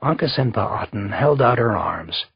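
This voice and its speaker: A man reads a historical thriller aloud in a measured, steady way. His mid-pitched voice is strongly husky, and the recording is dry and close with a slightly dull, lo-fi sound. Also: no echo. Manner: measured, even storytelling. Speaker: audiobook narrator. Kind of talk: scripted narration.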